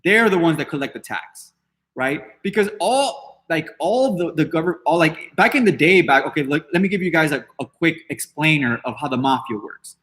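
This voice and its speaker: A man's voice: on the high side, expressive, moderate pace, fairly bright tone. A man hosting a podcast, ranting casually in a brash, defiant way, swearing freely and rambling with many restarts. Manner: dismissive and defiant. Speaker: podcast host. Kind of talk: casual unscripted rant.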